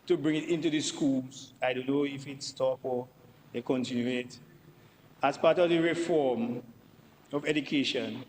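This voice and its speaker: A man's voice: fairly high pitch, darkish tone. Emphatic Dominican man in parliament. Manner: emphatic, repeats "no, no, no" and addresses the Speaker. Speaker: member of parliament. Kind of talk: parliamentary budget debate speech. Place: parliament chamber. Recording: long chamber reverb with faint background noise.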